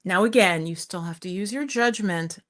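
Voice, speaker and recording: A middle-aged woman hosting a livestream, telling a personal story in a chatty, animated way with frequent laughs. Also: mid-range voice, normal speed. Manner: chatty and animated, often laughing and saying "you guys". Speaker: spiritual teacher hosting a livestream. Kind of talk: live-streamed personal storytelling.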